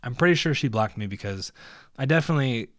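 A man's voice: medium pitch, animated, fast talker, dry recording, studio quality. A man hosting a solo podcast from indoors, ranting in a profane, sarcastic, rambling way. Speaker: podcast host. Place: indoors by a window.

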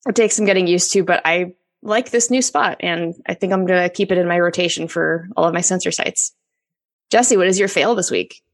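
A woman's voice: on the low side, a little fast. A woman in her thirties co-hosting a podcast, upbeat and organized in her chat. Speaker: podcast co-host.

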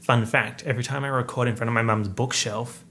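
A young man from Perth, Australia, hosting his podcast, rattles through a campy, slangy update while mocking himself. His medium-pitched voice is brisk, pushed and bright with fairly even intonation, and a little hiss or hum runs underneath.

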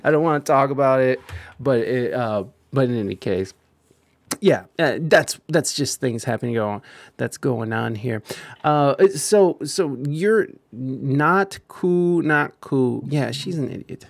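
A man with a gravelly, creaky voice rants loosely while reacting to clips. He swears freely and laughs along. The sound is close and dry. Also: mid-range voice, expressive, takes it slowly, no echo. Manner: crude, profane and rambling, laughing often. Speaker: streamer host. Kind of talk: casual reaction chat.

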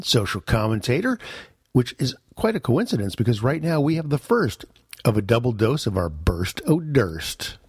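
A man's voice: mid-range voice, darkish tone, slightly rough, no room sound, studio quality. A man hosting a comedy podcast, talking in a folksy, chatty and self-mocking way. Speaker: podcast host. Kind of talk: casual podcast talk.

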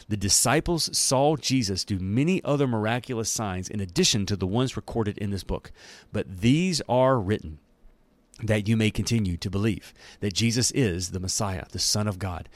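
A man's voice: fairly low pitch, dry recording. A man leading a daily Bible-reading devotional in an enthusiastic, conversational way, with casual asides and laughs. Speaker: Bible teacher.

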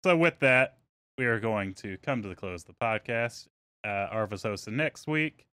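A man's voice: lowish voice, lively intonation, moderate pace, bright, forceful tone, smooth, no room sound. A man hosting a casual podcast, joking around with his co-hosts before wrapping up the episode. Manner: joking, wraps up plainly. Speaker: podcast host.

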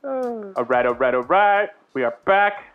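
A man's voice: sits high, sing-song, measured pace. A man hosting a casual sports podcast, joking around and laughing a lot. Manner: jokey, laughing, hypes himself up. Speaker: podcast host. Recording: dull lo-fi sound.

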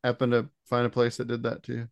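A man hosting a podcast, asking questions and chiming in with relaxed, chuckling asides. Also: mid-range voice, quick pace, clean tone, no echo, studio quality. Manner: laid-back, chuckling asides. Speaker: podcast host. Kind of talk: casual interview chat.

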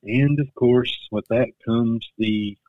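A man's voice: mid-range voice, slow, dry recording, narrow, tinny audio. A man hosting a casual podcast, recalling dates and names with frequent fillers and hesitations. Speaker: podcast host. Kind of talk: casual interview chat.

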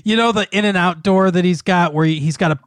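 Guy retelling a movie, kinda high voice, swears a lot, lots of uhs, dry close sound. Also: fairly quick, clean tone, dry recording. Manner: rambling, profane, laughs often, many fillers. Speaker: podcast co-host recapping a film. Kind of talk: casual chat.

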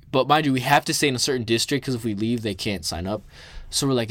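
This is a young man from Minnesota chatting on camera, swearing without restraint and leaning on many fillers as he animatedly tells a story. His voice is mid-pitched and fairly quick, in a dry recording.

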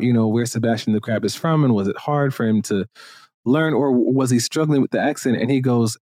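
A man's voice: mid-range voice, no room sound, clean studio sound. A man from Jamaica hosting a podcast, chatting casually and giving strong opinions with lots of fillers. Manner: animated and opinionated, with frequent fillers. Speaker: podcast host. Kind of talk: casual chat.

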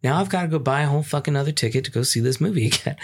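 A man's voice: a little high, fast, breathy edge. A young man co-hosting a podcast, riffing casually, swearing freely and spinning hypothetical scenarios. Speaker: podcast co-host. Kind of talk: casual chat.

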